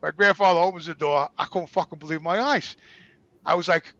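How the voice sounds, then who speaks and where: A middle-aged man with a New York accent telling a family story in casual, profane talk, growing loud and animated as he gets worked up. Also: on the high side, fairly quick, creaky, no room sound, dull audio. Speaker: guest.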